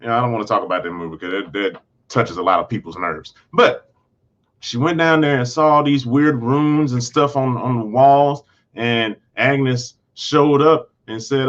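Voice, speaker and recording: A man's voice: medium pitch, normal speed, fairly bright tone, muffled recording. Man casually recapping a TV episode. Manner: rambling, frequent restarts and self-corrections. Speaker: host.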